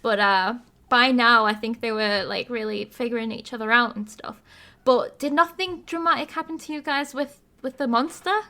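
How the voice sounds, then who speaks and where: Lively higher-pitched woman retelling a story. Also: normal speed. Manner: animated storytelling, laughs often. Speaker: podcast host. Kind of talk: casual chat, retelling a game.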